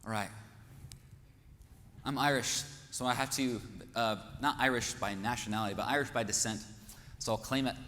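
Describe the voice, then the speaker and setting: A man's voice: mid-range voice, fairly even intonation, moderate pace, long pauses, bright, forceful tone. A man from Kansas hosting a conference, giving an earnest, rousing speech full of rhetorical questions on a stage microphone. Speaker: conference host. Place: large hall, on stage. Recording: echoey hall with faint noise.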